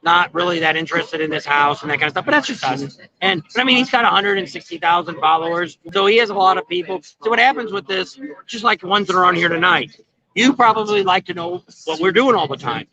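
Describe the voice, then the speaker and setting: A man's voice: sits high, very animated, quick pace, a crowd in the background. A middle-aged man hosting a casual livestream from an outdoor patio, rambling in a folksy way with many fillers. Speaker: vlog host. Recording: dull lo-fi phone stream.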